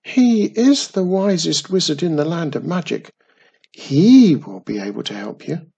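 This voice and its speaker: A man voicing a cheery, curious young girl witch in a high, eager voice. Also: sing-song, a little slow, gravelly, warm tone, husky, dull audio, full character voice.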